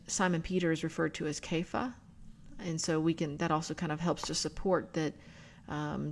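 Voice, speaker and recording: A woman hosting a book club video, explaining scripture and spelling out words in an unhurried teaching manner. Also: on the low side, slight background noise. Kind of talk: bible study teaching.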